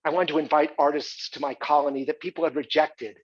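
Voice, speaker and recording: Brief: man as a boastful, scornful rich patron, husky, raised pitch, lo-fi sound. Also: fairly even intonation, quick pace, natural voice. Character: wealthy grandiose male arts patron. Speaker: actor in a one-man stage play. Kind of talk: theatrical monologue. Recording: dull lo-fi recording.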